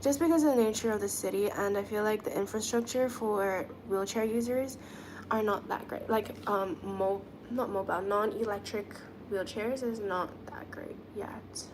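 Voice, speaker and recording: A woman hosting a casual live stream, chatting and giggling while she does her nails and thinks out loud. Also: medium pitch, normal speed, noisy background. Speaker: livestream host reading chat.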